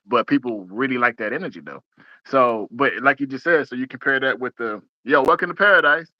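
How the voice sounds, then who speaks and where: A man hosting a casual podcast chat, talking fast and excitedly, often repeating words as he restarts. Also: medium pitch, dry recording, dull audio. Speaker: podcast host.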